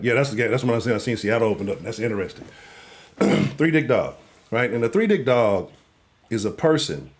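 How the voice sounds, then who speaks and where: A man hosting a live sports talk show, ranting in a profane, animated way and swinging between loud outbursts and low mutters. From Houston.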